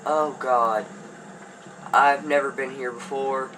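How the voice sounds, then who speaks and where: A man's voice: medium pitch, slow pace, long pauses, a bit bright, rough recording. A man commentating a horror game as he plays, jittery and panicky and talking to himself. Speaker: gamer. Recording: hum of background noise.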